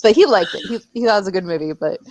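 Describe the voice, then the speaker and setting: A woman's voice: mid-range voice, expressive, rapid-fire, darkish tone, dry recording. A woman guest on a podcast, chatting casually and laughing often between sentences. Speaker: guest author.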